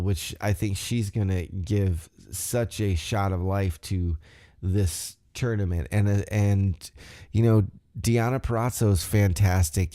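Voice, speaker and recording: A man's voice: deep voice, mellow, dry recording, clean studio sound. A man hosting a podcast, recapping a show in a rambling, conversational way. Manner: rambling, conversational, loose storytelling. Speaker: podcast host. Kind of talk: casual wrestling recap.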